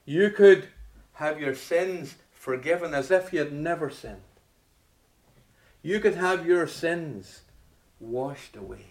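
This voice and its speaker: A man preaching a sermon with dramatic swings from loud rhetorical questions to hushed near-whispers. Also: on the high side, lively intonation, slow pace, long pauses, distant mic. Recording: echoey room.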